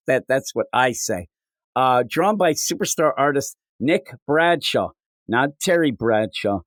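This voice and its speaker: Man, podcast host, joking riffs, mid pitch, dry close sound. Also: animated, a little slow, no echo. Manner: riffing, jokey, puts on silly voices. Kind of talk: casual comedic chat.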